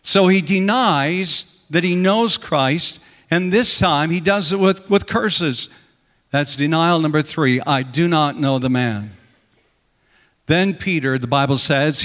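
A man's voice: on the high side, takes it slowly, a bit bright, big-room sound. A man preaching a sermon, retelling scripture with dramatic storytelling and acting out the quoted lines. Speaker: pastor.

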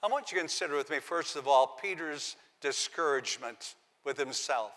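A man's voice: a little high, animated, moderate pace, fairly bright tone, big-room sound. A man preaching a sermon, reading scripture aloud and giving the quoted lines dramatic emphasis. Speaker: pastor.

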